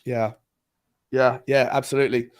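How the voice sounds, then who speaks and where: A man's voice: medium pitch, little pitch movement, moderate pace. A man from Britain hosting a casual live watchalong, talking loosely and often restarting his sentences. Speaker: host.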